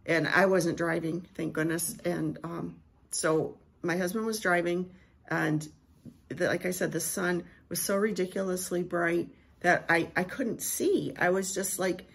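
Middle-aged woman reading a prophetic word slow and reverent, gravelly low voice. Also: steady tone. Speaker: Christian prophetic speaker.

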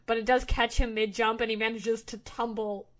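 A woman's voice: on the high side, flat delivery, normal speed. A young woman running a tabletop game as game master, narrating with frequent fillers and restarts. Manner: hesitant, lots of fillers and restarts.

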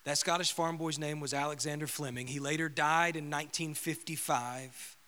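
A male pastor preaching a sermon, telling a story and swinging from loud proclamation to a hushed whisper. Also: on the high side, fairly even intonation, normal speed.

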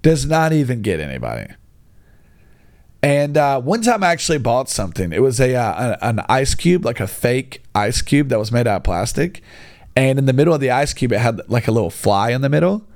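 A man's voice: medium pitch, big pitch swings, brisk, a little mellow. A young man telling a rambling comic story, jumping between asides and mocking the people he quotes. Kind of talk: comedic storytelling monologue.

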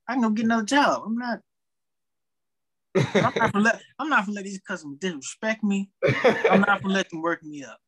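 A young man who works retail, telling work stories in a casual chat with an animated, venting delivery. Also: high-pitched, fairly quick, rough recording. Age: young adult. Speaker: retail worker.

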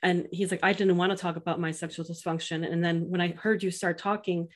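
A middle-aged woman talking earnestly as a podcast guest, telling stories and quoting others in an animated way. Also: on the low side, a little fast. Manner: earnest, animated storytelling with quoted voices. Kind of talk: casual interview chat.

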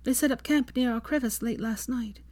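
A woman voicing an emotional young woman, speaking softly and earnestly in a raised voice, in a storybook reading. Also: moderate pace, no room sound, close to an everyday voice. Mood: tender. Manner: soft, high and earnest.

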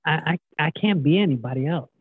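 Husky-voiced man on a tinny line. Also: on the high side, fairly quick, no echo. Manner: animated storyteller, acts out quotes. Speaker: guest. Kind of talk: casual storytelling interview. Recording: tinny phone-like line, dry.

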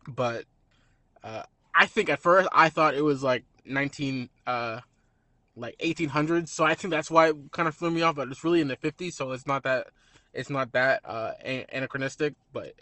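A man's voice: medium pitch, no room sound. Young male host, casual film chat, cusses and laughs a lot, dry close sound. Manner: laughs often, swears, animated retelling. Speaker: podcast host.

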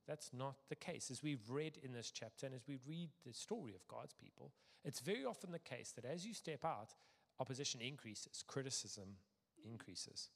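A man's voice: medium pitch, lively intonation, vocal fry, slightly rough. Man preaching in a reverberant hall. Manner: reads with dramatic dips and pauses, then talks casually with fillers. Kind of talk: scripture reading and sermon.

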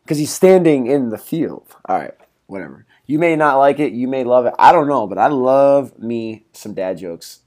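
A man's voice: mid-range voice, a little mellow. Upbeat rambling male podcast host. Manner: upbeat, rambling, many likes and laughs. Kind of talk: casual solo podcast talk.

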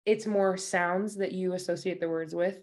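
A woman working as a dialect coach, chatting casually in an interview, bubbly and quick to laugh. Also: fairly low pitch, fairly even intonation, a little mellow. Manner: bubbly, laughs often, enthusiastic about food. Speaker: dialect coach at a themed park. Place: Utah.

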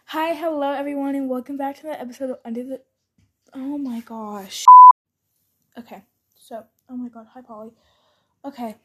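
High-pitched and warm, with a steady tone, normal speed and many pauses, this young woman is recording bloopers from her solo podcast at home. She's chatty and scattered, often cutting herself off to restart.

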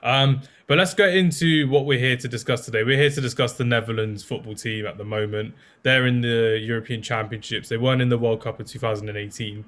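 A man's voice: medium pitch, steady tone, a little fast, hardly any pauses, fairly bright tone. A man hosting a casual football podcast, chatty and self-deprecating, with many fillers. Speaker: podcast host.

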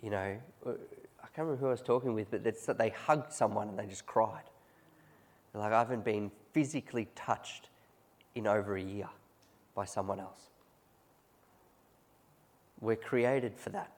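A man's voice: fairly low pitch, moderate pace, long pauses. A man preaching a conversational sermon, often chuckling as he tells stories to his congregation. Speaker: pastor.

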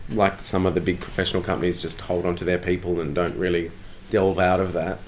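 An actor from Tasmania with an Australian accent, chatting through anecdotes in a casual, self-deprecating way during an interview. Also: male voice, deep voice, level tone, fairly quick, slight background noise.

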